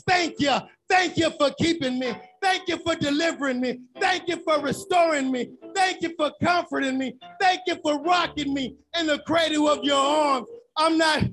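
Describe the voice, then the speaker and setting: High-voiced woman preaching with fire. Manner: impassioned shouting preaching with repeated refrains; rhythmic call-and-response cadence. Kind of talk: sermon.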